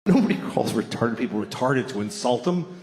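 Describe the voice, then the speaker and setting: Profane ranting comedian. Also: male voice, medium pitch, animated, a little fast, noisy background. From Boston. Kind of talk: stand-up comedy. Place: comedy club stage. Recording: roomy club with audience laughter.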